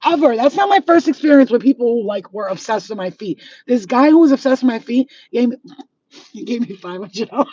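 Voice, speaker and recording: A woman hosting her channel, telling stories to viewers in a profane, laughing, animated way. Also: fairly high pitch, fairly quick, breathy edge, dry recording, lo-fi sound. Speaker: channel host. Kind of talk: casual storytelling to viewers.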